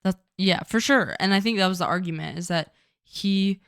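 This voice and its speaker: A woman's voice: mid-range voice, moderate pace, no room sound. Chatty woman podcast co-host, dry sound. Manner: chatty, animated, many fillers like "like". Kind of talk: casual chat.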